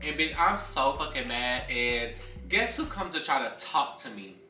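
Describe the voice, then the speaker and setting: A young man dramatically and sassily narrates a personal story at a moderate, animated pace, cursing freely along the way. His voice is medium in pitch, and the audio is roomy and far off with faint music in the background.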